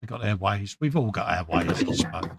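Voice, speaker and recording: A man's voice: on the low side, lively intonation, fairly quick, gravelly, noisy background. A British man co-hosting a casual late-night chat, bantering and telling stories with acted-out quotes. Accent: British English. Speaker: co-host.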